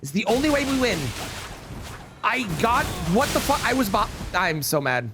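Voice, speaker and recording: Brief: wildly animated game streamer, loud outbursts, curses, music playing behind. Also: mid-range voice, moderate pace. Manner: excitable, yelling, swearing, laughing; pleads with teammates by name. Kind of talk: live gameplay commentary.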